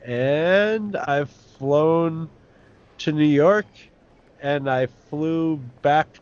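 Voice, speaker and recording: Man, podcast host, relaxed, rambling, muffled audio. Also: fairly high pitch, very slow, smooth. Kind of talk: comedic casual chat.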